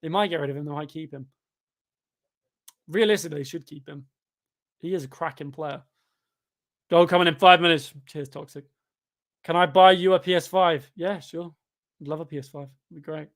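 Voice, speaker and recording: A young man, pitched a little above most men, talks through a live football stream while reading chat aloud. He sounds tired and rambles casually, then breaks into excited shouts whenever the match heats up. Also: moderate pace, pauses often. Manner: chatty, bursts of excitement at the game.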